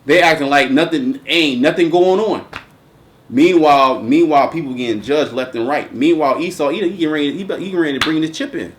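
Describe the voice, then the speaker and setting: A man's voice: a little high, a little fast, slight background noise. A man hosting a casual religious commentary chat, talking emphatically and profanely with lots of restarts. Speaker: host.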